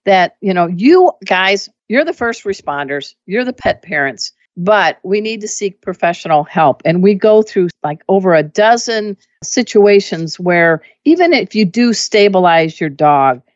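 A woman who teaches pet first aid, telling stories and giving emphatic advice in a casual, animated way. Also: medium pitch, measured pace, few pauses, no echo. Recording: dull lo-fi dry audio.

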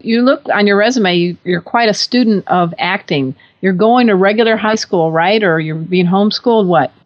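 A woman's voice: medium pitch, normal speed, no echo. A woman hosting a radio show and interviewing a guest with upbeat, encouraging questions. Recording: dry, dull lo-fi sound.

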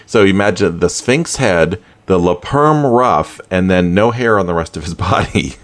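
A man hosting a pet radio show, chatting in a casual, animated way with chuckling asides. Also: deep voice, normal speed. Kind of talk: casual podcast talk.

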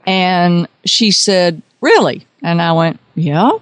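An intuitive consultant tells a story on a radio podcast in a lowish, animated voice at a moderate pace, acting out the voices of its characters. There's no echo on the recording.

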